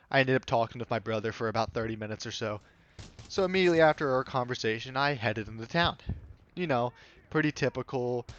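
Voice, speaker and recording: Young man, rambling story-time rant, chatty asides, home desk mic, mid-pitched voice. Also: dull audio. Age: young adult. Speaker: vlogger. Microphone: home desk microphone.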